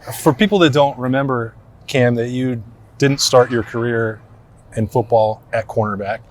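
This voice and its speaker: A man hosts a sports podcast in a casual, chatty style, upbeat and joking as he asks long, rambling questions. His voice is mid-range with fairly even intonation, he talks at a normal speed, and there's a little hiss or hum in the recording.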